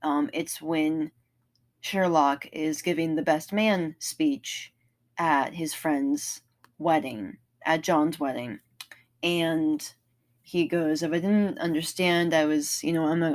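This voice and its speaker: Earnest rambling woman vlogger, low voice. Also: slow, a little mellow. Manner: earnest and enthusiastic, rambling with many restarts. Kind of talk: casual rambling monologue.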